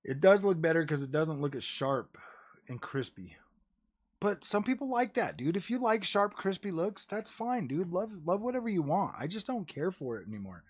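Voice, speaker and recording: Male gaming streamer, somewhat high voice, rambling casual chat, slangy, swears. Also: very animated, normal speed, husky. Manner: rambling, says "dude" and "bro" often, swears casually; jokey, drops into mocking voices.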